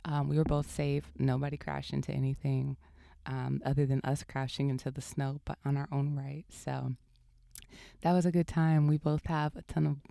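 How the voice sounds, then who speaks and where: Podcast host: young woman, low husky-edged voice with some fry, warm and dry, chatty and giggly. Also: flat delivery, normal speed, no echo. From California. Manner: laughs often while telling a story. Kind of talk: casual storytelling.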